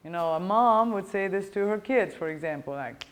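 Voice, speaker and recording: A woman's voice: medium pitch, expressive, normal speed. Woman, middle-aged, native German speaker, language teacher, classroom lecture, explanatory, mixes English and German, bare classroom.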